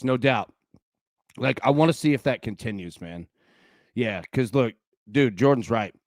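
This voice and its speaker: Young male host, casual and chatty, very lively pitch, dry close sound. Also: dry recording. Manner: animated, chatty, peppered with "dude" and "man". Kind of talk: casual live sports-betting show.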